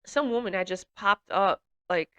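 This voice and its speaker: A woman shares a reflective personal testimony at a moderate pace, her mid-range voice a bit bright and clean. Emotional and with a runny nose, she hesitates often, restarting and filling gaps with many fillers.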